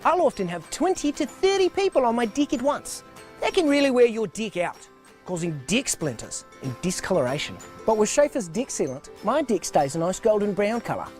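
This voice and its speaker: Here is a man playing a straight-faced pitchman with a New Zealand accent, selling deck sealant in an earnest commercial delivery. His pitch lifts and falls through a lively, animated range. Faint music plays underneath. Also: fairly quick. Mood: deadpan earnest.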